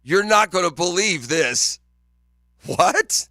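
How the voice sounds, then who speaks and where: Bright, playful sports radio man. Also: high-pitched, expressive, slow, no echo, studio quality. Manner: playful, laughing often, teasing. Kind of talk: casual morning radio banter. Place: radio studio. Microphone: studio microphone.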